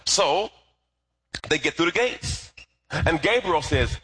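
A middle-aged pastor preaching a lively, conversational sermon with call-and-response. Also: male voice, a little high, slow pace, breathy edge.

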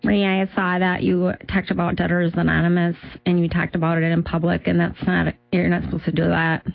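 Blunt, flat-spoken Duluth woman, played by a woman; low-ish, dry, lo-fi. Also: brisk, vocal fry, no echo. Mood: deadpan.

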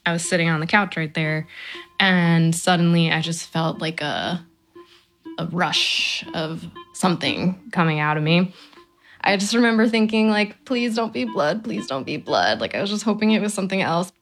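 A woman's voice: fairly low pitch, moderate pace, a bit bright, soft background music. A woman in her thirties speaking candidly in an interview, conversational with frequent fillers. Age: 30s. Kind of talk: casual interview.

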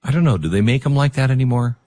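A man's voice: mid-range voice, expressive, fast, mellow, dry recording, studio quality. A man hosting a talk radio show, speaking in an emotional, emphatic way.

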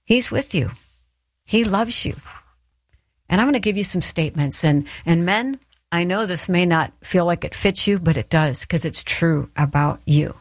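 A woman's voice: fairly low pitch, moderate pace, dry recording. Earnest woman giving a devotional talk. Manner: earnest, encouraging, storytelling. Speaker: Christian speaker. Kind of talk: devotional teaching.

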